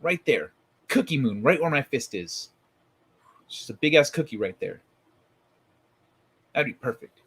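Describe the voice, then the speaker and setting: A man's voice: mid-range voice, expressive, measured pace, pauses often, fairly bright tone, breathy edge. A man live-streaming, chatting casually with viewers and telling stories in a rambling, profane way.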